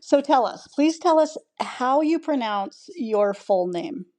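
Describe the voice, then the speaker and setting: A woman's voice: a little high, lively intonation, takes it slowly, darkish tone. Giggly American woman in her sixties. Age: 60s. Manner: chatty, giggly, self-deprecating humor. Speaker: podcast co-host. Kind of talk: casual chat.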